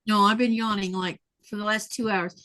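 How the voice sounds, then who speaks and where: A woman's voice: mid-range voice, steady tone, brisk, background noise. A woman hosting a casual sewing livestream, chatting and laughing often as she reads viewer comments aloud. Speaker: livestream host.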